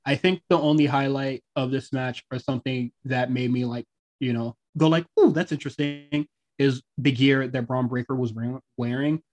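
A male podcast co-host chats about wrestling in a laid-back way, laughing often and swearing freely. His medium-pitched voice keeps a fairly even intonation at a moderate pace.

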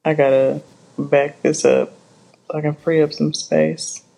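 A woman's voice: low voice, little pitch movement, measured pace, gravelly, dark tone. A woman co-hosting a podcast in a casual, laid-back chat, drawing out her thoughts and chuckling now and then. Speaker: podcast co-host.

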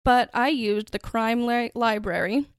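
A woman's voice: a little high, a little slow, clean tone, no echo, studio quality. A woman hosting a true-crime podcast, telling the story in a chatty, conversational way. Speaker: podcast host.

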